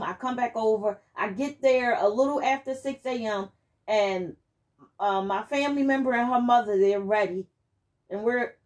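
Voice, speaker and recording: A woman sharing a personal testimony as she hosts her channel, telling it in an animated, emphatic way and speaking directly to her listeners. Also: a little high. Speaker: channel host giving testimony.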